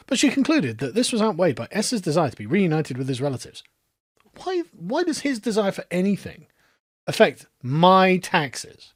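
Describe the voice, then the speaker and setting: A man's voice: a little high, big pitch swings, fairly quick, no echo, clean studio sound. A man ranting in a sarcastic, exasperated commentary and laughing mid-rant. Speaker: political commentator.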